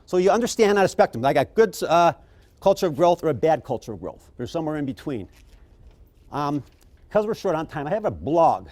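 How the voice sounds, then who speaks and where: Animated man telling stories at a keynote. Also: fairly quick. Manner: animated, acts out quoted people with big pitch jumps. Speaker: keynote speaker. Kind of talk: conference keynote storytelling.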